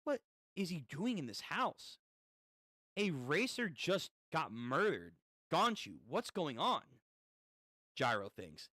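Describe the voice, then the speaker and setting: A man reading a manga aloud and reacting as he goes, animated and prone to swearing. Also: fairly high pitch, slow, pauses often, husky, no echo, studio quality. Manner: animated, swears, reads lines aloud then comments. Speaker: manga read-through host. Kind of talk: casual reading with live reactions.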